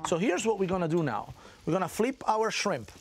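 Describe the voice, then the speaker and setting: Joking high-voiced TV chef. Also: male voice, big pitch swings, a little fast. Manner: jokey, playful, with cheerful chatter and laughs. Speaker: guest chef. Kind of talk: cooking demonstration on a daytime talk show. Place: television studio kitchen.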